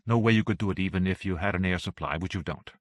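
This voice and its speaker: A man's voice: low-pitched, fast talker, dry recording, studio quality. A man voicing a blunt, practical woman who speaks in a matter-of-fact way.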